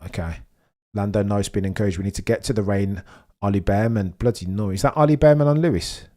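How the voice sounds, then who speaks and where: A young man giving a live watch-along commentary of a race, theatrical and wordy, swinging between grumbling and excited outbursts. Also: fairly low pitch, fast talker.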